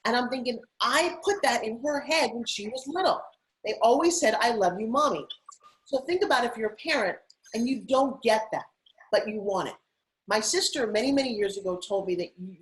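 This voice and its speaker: A middle-aged woman, a TV host and spokesperson, telling animated stories as an interview guest. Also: fairly high pitch, rough recording. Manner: animated, rapid anecdotal telling. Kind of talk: casual interview storytelling.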